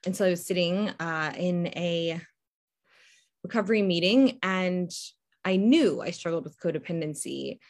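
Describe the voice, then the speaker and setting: A woman hosts her own podcast alone and talks to listeners as if to friends. Her voice sits on the low side. She rambles, circles back on her words and laughs softly as she goes. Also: unhurried. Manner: chatty and rambling, with restarts and soft laughs. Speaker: podcast host and faith coach. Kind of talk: casual solo podcast talk.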